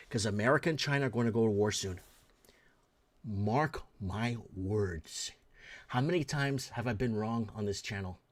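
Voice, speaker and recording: Male host, solo rant, blunt and profane, mid-pitched voice, keeps circling back to his points. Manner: heated, blunt and profane, repeats himself. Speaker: host of a talk show. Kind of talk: ranting solo commentary.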